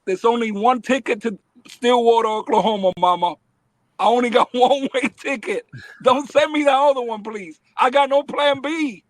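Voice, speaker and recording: A middle-aged man from the Bronx, a baseball academy owner, speaking as a podcast guest in an emphatic, animated way and laughing often. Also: very high voice, moderate pace, dry recording, low-quality recording. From Bronx, New York. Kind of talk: casual podcast interview.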